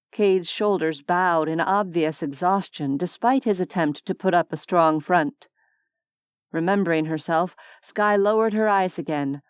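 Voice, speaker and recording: A woman narrating a sci-fi romance audiobook in a measured, even storytelling manner, on a close studio mic. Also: on the low side, smooth, dry recording.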